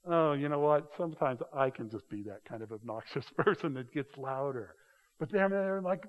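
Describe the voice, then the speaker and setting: A middle-aged man preaching a sermon, telling the story with animated delivery and acted-out voices. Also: a little high, fairly quick, narrow, tinny audio. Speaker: pastor. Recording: long hall reverb.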